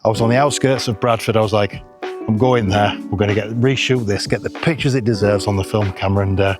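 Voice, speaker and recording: Speaking fast in a lowish, steady voice over music, a middle-aged photography vlogger from England chats on a hillside outdoors. He's jokey and self-deprecating, keeping the tone casual.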